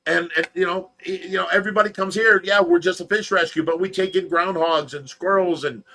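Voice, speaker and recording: A man hosting a livestream, telling a story in a casual, animated way and acting out the voices. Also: high-pitched, brisk. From United States. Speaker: livestream host of a fish rescue.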